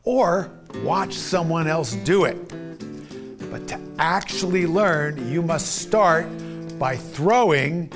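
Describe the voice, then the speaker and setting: A man narrating a scripted lesson in a measured, deliberate way. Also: a little high, music in the background. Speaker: course instructor.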